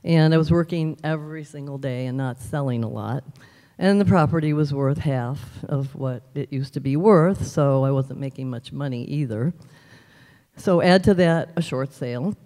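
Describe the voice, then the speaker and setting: A woman's voice: low-pitched, normal speed, warm tone, long reverb tail. A woman in her fifties giving an earnest personal testimony at a church service, telling her story with emphatic repetition. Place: large church sanctuary.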